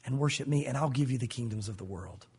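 A man voicing a sly male devil who tempts slowly in a low, coaxing voice. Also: a little mellow, breathy edge. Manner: slow, coaxing.

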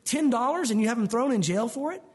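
A man's voice: very high voice, lively intonation, quick pace, husky, voice pushed up, full character voice. A man preaching a sermon voices a stern, wealthy king scolding an unforgiving servant in a parable. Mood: indignant.

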